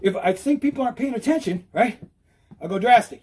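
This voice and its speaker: A man giving an animated, repetitive how-to talk while riding outdoors, out of breath. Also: very high voice, a little fast, a little hiss or hum. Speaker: e-bike vlogger. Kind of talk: casual instructional talk.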